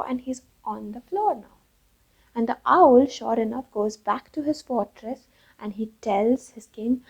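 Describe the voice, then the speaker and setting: A woman's voice: fairly high pitch, unhurried, gravelly, a little mellow, breathy edge. A woman telling a children's fable expressively, with sound effects. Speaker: storyteller. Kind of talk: children's storytelling. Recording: dull lo-fi recording.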